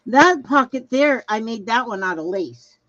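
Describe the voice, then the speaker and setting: An older woman hosting a craft livestream, rambling cheerfully through viewer comments and often restarting her sentences. She talks fairly high and is recorded close and dry, with a slightly muffled sound. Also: animated, moderate pace, fairly bright tone, no echo. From Minnesota, US. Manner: chatty, reads viewer comments aloud, trails off and restarts. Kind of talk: casual livestream chat.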